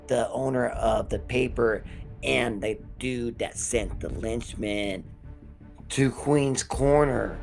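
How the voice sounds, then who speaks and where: A man's voice: medium pitch, creaky. A man hosting a horror review show, recapping an episode in a casual, profane storytelling way.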